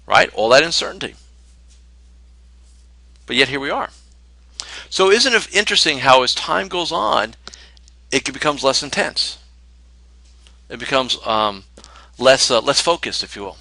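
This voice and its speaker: A man's voice: medium pitch, expressive, unhurried, gravelly, pauses often, bright, forceful tone, no room sound, low-quality recording. A middle-aged man coaching financial advisors in a conversational talk, full of rhetorical questions and tag questions. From New Jersey.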